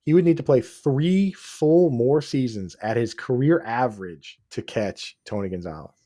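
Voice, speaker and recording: Excitable man in casual sports chat. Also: medium pitch, normal speed, no room sound, clean studio sound. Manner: excitable, restarts sentences, says dude and bro. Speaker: podcast host. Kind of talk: casual fantasy football chat.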